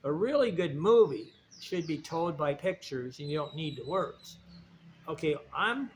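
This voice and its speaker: Rambling man with a higher voice. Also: a little hiss or hum. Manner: digressive, restarts sentences. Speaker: video essayist. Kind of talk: rambling spoken monologue.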